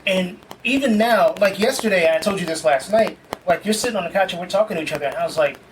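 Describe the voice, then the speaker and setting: A man's voice: high voice, fast. A man from New York hosting a podcast, talking candidly and casually, swearing now and then. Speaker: podcast host. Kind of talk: casual conversation. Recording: distant mic with noise.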